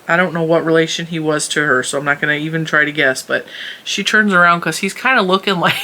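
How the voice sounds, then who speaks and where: A woman chatting casually as a crochet vlogger, animated, laughing often and acting out what people said. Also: fairly low pitch, a little hiss or hum. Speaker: crochet YouTuber. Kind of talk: casual chatty vlog storytelling. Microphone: camera in a room at home.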